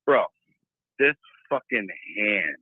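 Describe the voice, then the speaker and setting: A man telling a wild story in a casual, profane, animated way over a remote call. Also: on the low side, slow pace, husky, dry recording. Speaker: guest. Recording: tinny phone-like line, dry.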